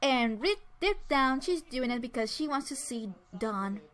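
A woman's voice: high-pitched, animated, measured pace, a bit bright. A woman casually narrating a life-simulation game and voicing the characters' dialogue herself. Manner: chatty, voices dialogue for the sims, many restarts. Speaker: let's play narrator. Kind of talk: casual game commentary with voiced character lines.

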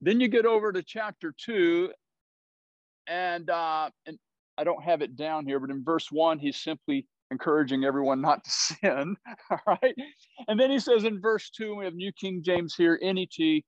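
A man's voice: on the high side, normal speed, dry recording, dull audio. A man with a Southern US accent teaching a Bible study, explaining words and often checking in with "right?".

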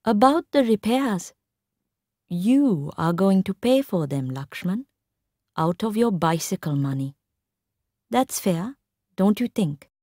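A woman putting on a calm, cool stepmother. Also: mid-range voice, no echo, clean studio sound. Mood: firm. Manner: cool, measured, quietly firm. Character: calm, composed stepmother, tall adult woman.

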